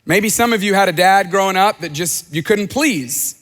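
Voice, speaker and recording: High-voiced man preaching in a reverberant hall. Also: normal speed, fairly bright tone. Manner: earnest preaching, acts out quoted speech. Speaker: pastor. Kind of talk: sermon.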